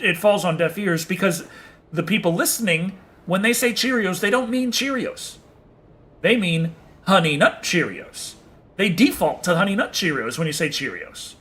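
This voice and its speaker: A man's voice: high voice, lively intonation, moderate pace, pushed and bright. A man streaming a game and chatting casually with viewers, rambling and swearing with a chuckle. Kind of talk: casual chat with viewers while playing.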